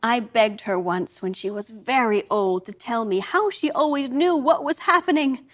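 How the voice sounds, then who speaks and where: A woman's voice: a little high, moderate pace. An older woman performing a wry, dramatic storytelling monologue on a theatre stage.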